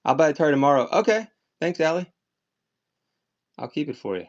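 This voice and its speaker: A man's voice: on the high side, expressive, brisk. Chatty Maryland man selling live. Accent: slight Maryland. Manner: rambling, chatty, many "like" fillers. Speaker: online auction seller. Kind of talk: casual live-selling chat. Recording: slightly dull lo-fi stream audio.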